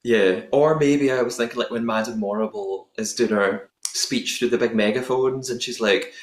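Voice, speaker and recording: A man's voice: mid-range voice, normal speed, few pauses. Chatty man hosting a podcast, roomy sound. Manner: playful, punning, chatty. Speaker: podcast host. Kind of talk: casual podcast recap chat. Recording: roomy echoing room sound.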